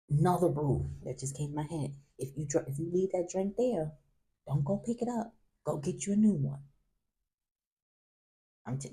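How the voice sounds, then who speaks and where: A man hosting a vlog, telling a college story in a casual, animated way, often laughing and acting out what others said. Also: fairly high pitch, slight background noise. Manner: animated, acts out other people's lines in raised voices. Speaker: vlog host.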